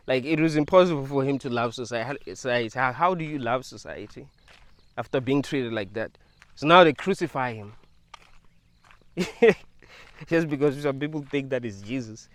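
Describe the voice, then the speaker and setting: A man's voice: mid-range voice, normal speed. A man talking casually to his viewers in a rambling monologue, laughing often and leaning on fillers. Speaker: video creator.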